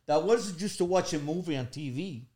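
A man's voice: on the high side, expressive, moderate pace, darkish tone. An older man as a podcast guest, giving short, chuckling answers in broken English. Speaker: guest, the comedian's father.

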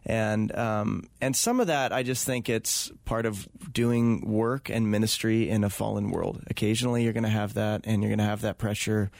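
A man's voice: lowish voice, fairly even intonation, normal speed, vocal fry, few pauses, darkish tone, no echo, studio quality. A man speaking as an interview guest, talking earnestly and reflectively with many fillers and restarts. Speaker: guest, touring event host. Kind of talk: casual interview conversation.

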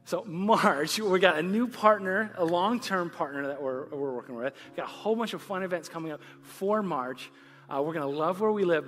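A man with a high, fairly bright voice preaches at a moderate pace over soft background music. Standing on a church stage before a live audience, he keeps the sermon conversational, laughing often and building to emphatic points.

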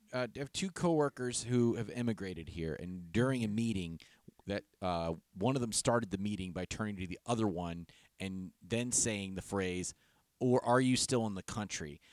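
A man's voice: fairly low pitch, moderate pace, no echo, clean studio sound. A man co-hosting a casual comedy podcast, telling long rambling stories with restarts and laughs. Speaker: podcast co-host. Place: podcast studio.

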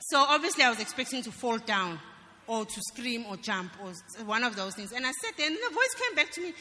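A woman stands in church giving her personal testimony, earnest and emphatic. Her voice sits fairly high and sounds bright and sharp. The sound carries a long reverb from the church hall. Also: big pitch swings, fast talker.

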